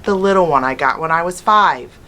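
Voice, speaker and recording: A woman teacher reads a children's chapter book aloud, telling the story in an expressive first person. Her voice sits on the low side but sounds bright and crisp. She keeps the story moving. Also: fairly quick.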